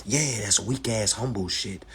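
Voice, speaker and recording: A man's voice: on the low side, a little slow, fairly bright tone, slightly rough. A man hosting a casual livestream, lecturing bluntly with lots of swearing and frequent "all right" checks. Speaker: livestream host. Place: indoors, livestream.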